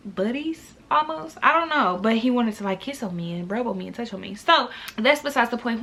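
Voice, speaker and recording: A young woman telling a storytime to her viewers in a casual, animated, exasperated way. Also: medium pitch, vocal fry. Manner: animated, talks to viewers directly; exasperated, incredulous. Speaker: vlogger.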